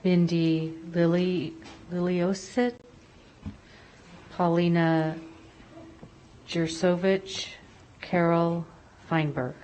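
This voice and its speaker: A woman slowly reading out a list of speaker names, halting and unsure on their pronunciation. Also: fairly low pitch, little pitch movement, a little mellow, poor audio.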